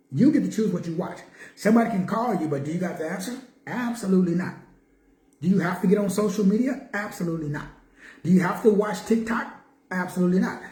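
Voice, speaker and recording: A man's voice: high voice, warm tone. A man giving a spiritual teaching talk, driving points home with repeated questions and emphatic answers. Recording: roomy echo.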